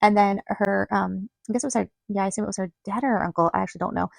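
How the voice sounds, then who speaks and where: A woman podcast host tells a personal story in a quick, chatty run, her speech full of fillers and acted-out dialogue. Her voice sits at an ordinary middle pitch. The recording is dry and close, with no room echo. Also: vocal fry. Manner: chatty, animated retelling full of "like" and quoted dialogue. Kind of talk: casual storytelling monologue.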